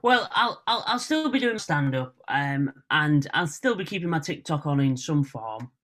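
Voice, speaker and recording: A man's voice: fairly high pitch, sing-song, moderate pace, a bit bright. A man with a Northern English accent, a comedian speaking as a guest in a casual interview, chatty and self-deprecating.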